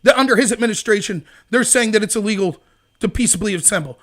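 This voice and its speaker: High-voiced man in a heated rant. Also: animated, quick pace, sharp tone. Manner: heated, sarcastic, argues with chat viewers. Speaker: show host. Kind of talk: political livestream rant.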